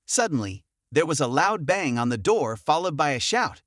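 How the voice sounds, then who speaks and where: A man narrating a comic recap in a brisk, animated storytelling manner. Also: on the high side, no echo, studio quality.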